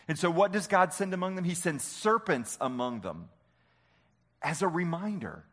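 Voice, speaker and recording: Male preacher, sermon delivery, somewhat high and very expressive pitch, quizzes the room. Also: moderate pace. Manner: animated, asks the congregation questions. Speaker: pastor.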